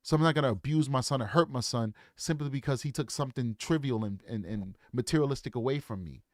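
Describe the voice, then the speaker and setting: A man's voice: mid-range voice, quick pace, no room sound, clean studio sound. A man in his forties giving casual, earnest commentary, lecturing and often repeating his points. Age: 40s. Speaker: true crime commentator.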